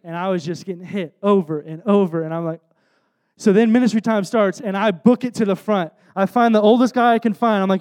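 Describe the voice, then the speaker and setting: A man's voice: sits high, fairly even intonation, a little fast, darkish tone, smooth. A young man preaching a sermon in an earnest, conversational way, telling an emotional personal story. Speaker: worship leader preaching.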